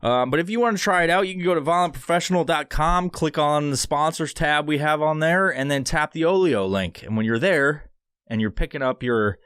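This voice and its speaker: A man's voice: a little high, brisk, fairly bright tone, clear, resonant tone, no room sound. A man hosting a solo podcast from a studio, rambling and swearing through a sponsor read. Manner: rambling, profane, sarcastic. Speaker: podcast host.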